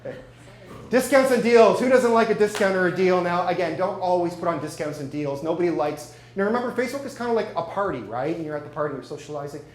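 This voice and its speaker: This man at a marketing meetup talks fast in a high-sitting voice. He jokes, chats, and frequently questions the audience during his live presentation, with faint hum and echo in the room.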